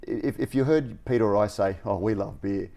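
A man's voice: on the low side, moderate pace, creaky, dark tone. A man, co-hosting a podcast in a chatty, rambling way and laughing often. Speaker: podcast co-host. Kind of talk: casual podcast chat.

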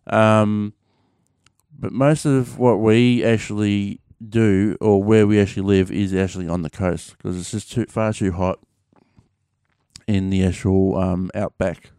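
A man's voice: lowish voice, fairly even intonation, a little slow, dark tone, clean tone, no room sound, studio quality. A young Australian man chatting casually on his own show, rambling with lots of fillers and the odd swear word. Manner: rambling, many fillers and restarts, mild swearing. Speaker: podcast host. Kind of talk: casual solo chat.

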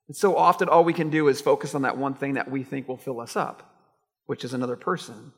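Husky-voiced man preaching in a reverberant hall. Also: mid-range voice, fast. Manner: conversational and animated, with asides to the congregation. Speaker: pastor. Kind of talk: sermon.

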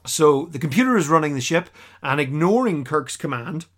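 Man, podcast co-host, casual recap, slightly high voice, lively, mimics characters. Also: normal speed. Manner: animated, acts out characters' lines mid-recap.

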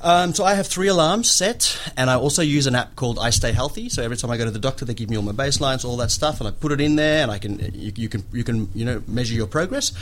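Young guy, rapid earnest talk, reasons things through aloud. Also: mid-range voice, fairly bright tone, slight background noise. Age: young adult. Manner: quick, earnest, thinks aloud. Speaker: guest, community organiser. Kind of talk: casual conversation.

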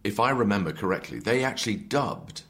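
A man in his fifties with an English accent, an actor being interviewed in a hotel room, joking in a dry, deadpan way with halting restarts. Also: fairly low pitch. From England. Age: 50s. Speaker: actor guest.

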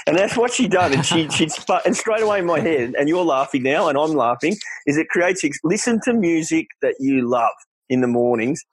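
A man's voice: a little high, brisk, slight background noise, rough recording. A middle-aged Australian man, a guest in an interview, telling personal stories earnestly and quoting the people in them. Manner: earnest, animated storyteller, quotes others in his tales. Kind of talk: candid storytelling interview.

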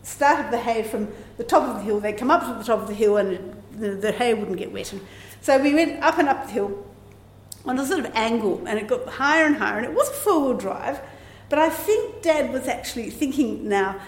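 A woman's voice: fairly high pitch, lively intonation, brisk. A woman, telling a personal story live in a chatty, rambling way. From Australia. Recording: echoey room with faint ambience.

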